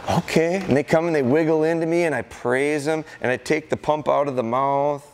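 A middle-aged man from Wisconsin giving a live dog-training seminar to an audience, telling stories and acting out excited calls to a puppy. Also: on the high side, brisk, slight background noise. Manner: animated storytelling, acts out excited calls to dogs. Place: large indoor hall with a corridor.

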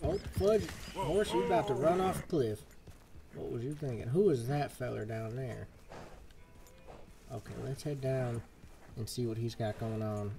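A man's voice: medium pitch, measured pace, creaky, long pauses, noisy background. A young man casually commenting on a game he is playing live, joking in a put-on folksy cowboy drawl. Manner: jokey, fake folksy cowboy talk. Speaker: gaming streamer. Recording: game music playing underneath.

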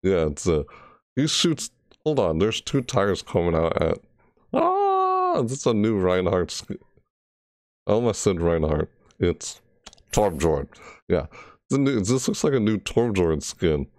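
Deep-voiced man rambling through a reaction. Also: lively intonation, measured pace, darkish tone, no room sound, clean studio sound. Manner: rambling, self-correcting, breaks into shrieked character impressions. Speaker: gaming video creator. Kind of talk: casual game trailer reaction.

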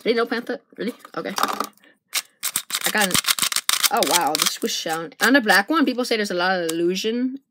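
A woman casually chatting through an unboxing, excitable and rambling as she thinks aloud, recorded on a camera's built-in mic. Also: medium pitch, a little fast, pauses often. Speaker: vlogger unboxing puzzle cubes. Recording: noisy amateur camera recording.

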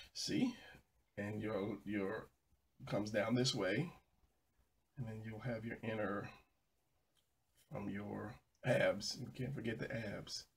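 A man narrating a drawing tutorial while he sketches, low-key and sleepy from an early start. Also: slightly rough. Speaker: drawing instructor.

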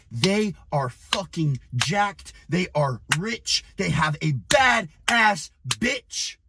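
A young man coaching in an aggressive, profane motivational rant, often shouting at the viewer. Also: on the high side, breathy edge, no room sound. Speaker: business and fitness coach.

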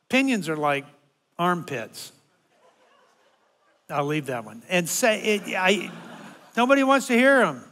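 An older man with a fairly high voice tells a self-mocking story from a church pulpit, swinging from easy talk into loud, exaggerated comic complaints. His voice rings out through a large sanctuary with a long reverb trailing every phrase. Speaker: guest speaker. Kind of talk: humorous sermon storytelling.

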